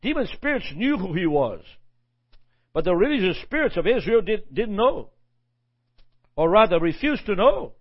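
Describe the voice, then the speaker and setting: A male preacher teaching from scripture in a sermon, his voice sitting a little high. He talks in halting bursts, restarting and repeating words as he goes. The recording sounds dull and lo-fi. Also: very animated.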